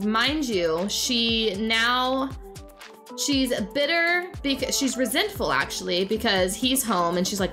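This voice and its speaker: Chatty, high-voiced woman playing a game. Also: pushed and bright. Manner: chatty, exclaims often, talks to her game characters. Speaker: gaming YouTuber. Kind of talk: casual let's-play commentary. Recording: faint background music.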